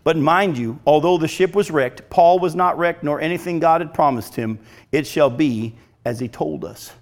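In a fairly high-pitched voice and at a moderate pace, a middle-aged man preaches a sermon drawn from a devotional text, earnestly stressing and pressing each point.

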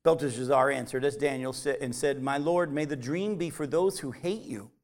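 A man preaching a sermon, shifting between loud emphatic high points and quiet low asides as he reads and explains scripture. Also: normal speed. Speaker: pastor.

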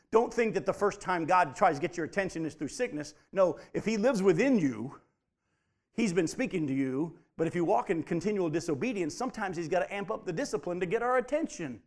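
A man preaching a sermon, animated and emphatic, often stressing his points by repeating them. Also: sits high. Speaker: pastor.

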